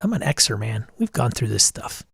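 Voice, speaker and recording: A man's voice: mid-range voice, sing-song, moderate pace, vocal fry, a bit bright, slightly rough, no room sound, studio quality. A middle-aged man hosting a casual livestream talk, blunt and exasperated, swearing casually as he rants. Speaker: podcast host.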